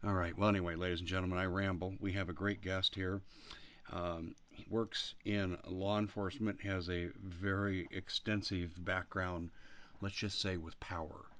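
A man's voice: low-pitched, level tone, moderate pace, a bit bright. A man hosting a talk show, rambling, blunt and emphatic in casual political chat.

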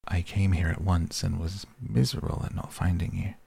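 Man doing earnest grieving painter, reproachful, very low voice, gravelly. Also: moderate pace, mellow, heavily acted. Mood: pained, reproachful. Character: grieving earnest male painter, middle-aged.

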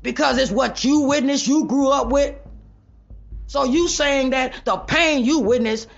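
A woman hosting her own show, talking straight to viewers in a blunt, profane, preachy monologue that rises into loud rants. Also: high-pitched, unhurried, creaky, dull audio. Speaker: online show host.

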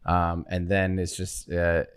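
A man's voice: low-pitched, monotone, takes it slowly, clean tone. A man co-hosting a podcast, chatting casually with dry, wry humor. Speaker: podcast co-host.

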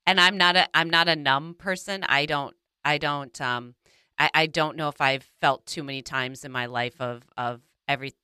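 A woman podcast host talking candidly and reflectively about her own experiences, sometimes halting and restarting. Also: low voice, fairly even intonation, pushed and bright, smooth, no room sound, studio quality. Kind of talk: candid personal conversation.

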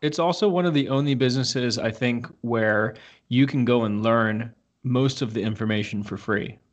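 A man's voice: mid-range voice, moderate pace, dull audio. Easygoing male podcast guest. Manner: relaxed, easygoing, hedging with "like". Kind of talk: casual conversation.

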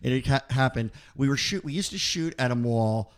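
A man with a New Jersey accent, co-hosting a casual podcast and telling profane, animated stories. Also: mid-range voice, fairly quick. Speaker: podcast co-host.

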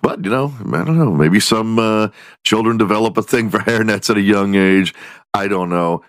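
A man's voice: fairly low pitch, moderate pace, dry recording. A man hosting a comedy podcast, swearing freely and laughing at his own jokes. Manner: profane, laughs at his own jokes, slips into mock voices. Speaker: podcast host. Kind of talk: crude comedic news rant.

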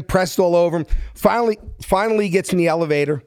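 Man, animated storyteller, acts out the voices, fairly high voice. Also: fast talker, no echo, studio quality. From South Philadelphia. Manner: lively, acts out every voice in his story. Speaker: guest. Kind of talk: animated storytelling in a podcast interview.

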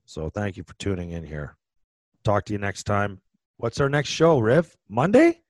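In this casual podcast chat, the former hockey player and co-host rambles through his stories, restarting again and again. He speaks at a moderate pace in a lowish voice with big pitch swings, captured in a dry recording.

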